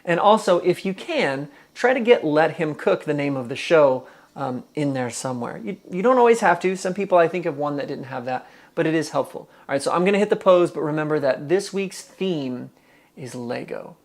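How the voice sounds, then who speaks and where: A man hosting a live cooking stream from his home kitchen, chatting casually, reading viewers' comments aloud and thinking out loud as he cooks. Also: fairly high pitch, expressive, normal speed.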